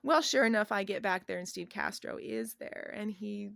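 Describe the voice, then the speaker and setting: A woman telling a personal story in a casual vlog, rambling and halting, with many fillers and restarts and soft laughs between thoughts. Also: medium pitch, vocal fry, no room sound, studio quality. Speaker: vlogger.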